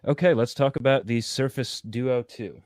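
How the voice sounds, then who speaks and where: Relaxed rambling man hosting a podcast. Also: mid-range voice, normal speed, no room sound, studio quality. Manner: relaxed, rambling with many likes and uhs. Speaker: podcast host and producer. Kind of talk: casual live podcast chat.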